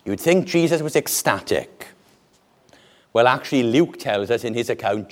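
A man preaching a sermon with an animated, deliberate delivery and dramatic pauses. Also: mid-range voice.

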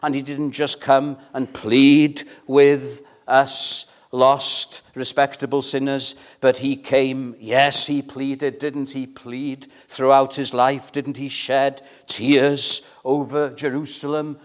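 Slow, earnest male preacher. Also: medium pitch, little pitch movement. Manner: measured, earnest, with pleading emphasis and questions to the congregation. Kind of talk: sermon.

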